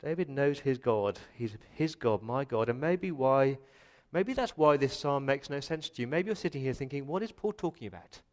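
A middle-aged Australian man preaching a sermon as pastor in a church, moving from quiet reflection to loud, impassioned pleading. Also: medium pitch, expressive, moderate pace, few pauses.

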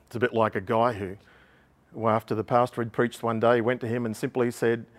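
A man's voice: medium pitch, flat delivery. Man preaching a teaching sermon. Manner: explanatory, unhurried teaching with ums and throat clearing.

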